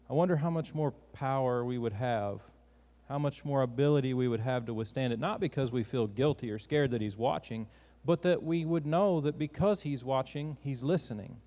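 A man's voice: mid-range voice, a little mellow, in a large hall. A man preaching a sermon in an earnest, conversational way, often restarting his sentences.

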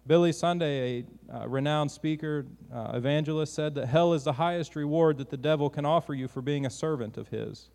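A man's voice: a little high, a little fast, creaky, few pauses, darkish tone, big-room sound. A man preaching a sermon in an earnest, conversational way, often restarting his sentences.

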